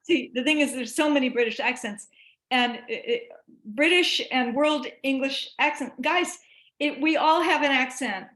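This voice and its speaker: A woman giving a chatty online talk to teachers, animated and given to restarts. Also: high voice, moderate pace, echoey room. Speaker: presenter.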